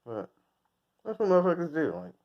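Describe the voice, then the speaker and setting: A man's voice: on the high side, wildly swooping pitch, fairly quick. Laughing, swearing man on a dull recording. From United States. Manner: rambling, crude, laughs often at own jokes. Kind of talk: casual profane rant.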